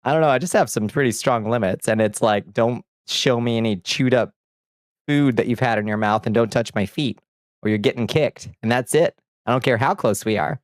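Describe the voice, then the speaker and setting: A male streamer bantering with his chat, blunt and crude in a joking way, laughing often. His voice sits at an ordinary middle pitch. The sound is dry and close, with no room echo. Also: moderate pace. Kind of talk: casual livestream chat.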